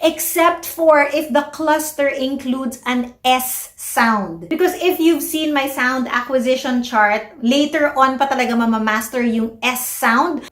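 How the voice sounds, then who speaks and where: A Filipino woman who is a speech-language pathologist explains children's speech to parents, mixing English and Tagalog and slowly modeling words. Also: high voice, roomy sound. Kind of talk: educational talk to parents.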